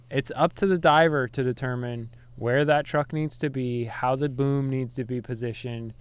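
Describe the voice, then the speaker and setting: A man talking as a podcast guest, calmly explaining his work and laughing easily. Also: medium pitch, clean tone. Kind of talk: casual chat.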